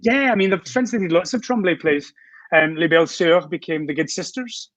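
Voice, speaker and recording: A Scottish man, a guest on a video call, rambling warmly through anecdotes with plenty of ums and restarts. His voice sits a little high. The sound is dry and dull, lo-fi. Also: normal speed, no room sound. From Scotland. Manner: chatty storyteller, many fillers and restarts. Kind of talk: casual chat.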